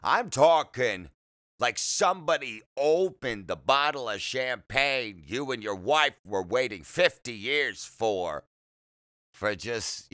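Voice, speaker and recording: A man's voice: on the low side, bright, forceful tone, no echo. A man hosting a solo podcast, rambling in a chatty, self-deprecating way with jokey asides, speaking close to the mic. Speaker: podcast host.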